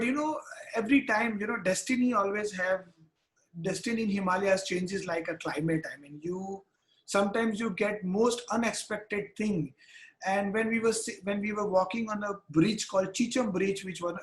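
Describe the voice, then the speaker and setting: A man, a wildlife photographer telling the story of a field trip in a tutorial, earnest and halting, full of restarts. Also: high-pitched, echoey room, poor audio.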